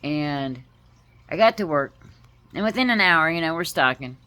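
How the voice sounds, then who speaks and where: A woman vlogger telling a personal story to camera, heartfelt and halting, with frequent pauses. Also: low voice, lively intonation, pushed and bright.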